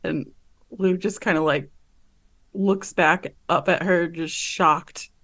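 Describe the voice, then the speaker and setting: A woman player in a tabletop role-playing game, describing her character's actions in a casual, halting way with many fillers. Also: lowish voice, fairly even intonation, fairly bright tone.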